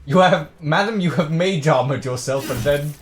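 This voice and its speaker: A man playing a game with a friend, wry and quick to swear. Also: a little high, slight background noise. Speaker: gamer. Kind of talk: casual gameplay chat. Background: game music.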